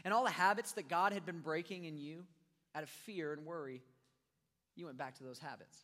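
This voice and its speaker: A young man preaching a sermon, animated and joking with the crowd as he acts out scenes. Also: fairly high pitch, brisk. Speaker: youth pastor. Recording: long reverb of a large hall.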